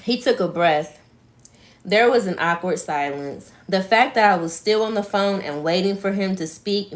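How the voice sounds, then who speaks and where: A woman reading a memoir aloud on a live stream, slow and deliberate, stopping to reread lines she misreads. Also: medium pitch.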